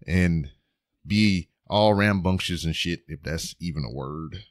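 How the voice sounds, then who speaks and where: A man's voice: deep voice, unhurried, dry recording, clean studio sound. A man hosting his own podcast from home, rambling in a playful, casual way with joking asides. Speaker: podcast host. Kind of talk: casual solo podcast monologue.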